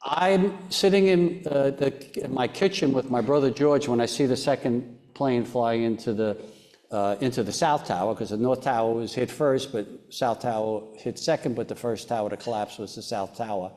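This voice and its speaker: A man's voice: medium pitch, darkish tone. Earnest man telling a personal story. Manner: earnest, halting, with many restarts and fillers. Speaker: foundation chairman, interview guest. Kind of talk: personal storytelling in an onstage interview.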